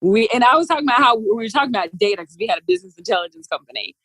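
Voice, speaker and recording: A woman, a business CEO, telling animated stories as a podcast guest, laughing often and acting out what others said. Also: fairly high pitch, very fast, dry recording, low-quality recording. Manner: lively, laughs often, acts out quotes. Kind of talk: animated storytelling interview.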